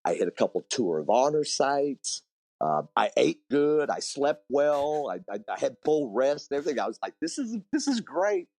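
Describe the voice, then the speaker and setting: A man's voice: sits low, a little mellow, dry recording. A man being interviewed about long-distance motorcycle riding, telling stories animatedly with frequent restarts and repeated words. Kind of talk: casual storytelling interview.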